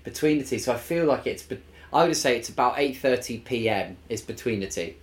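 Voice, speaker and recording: A man's voice: medium pitch, lively intonation, brisk. A man co-hosting a podcast, rambling through playful guesses in casual chat. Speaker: podcast producer and co-host.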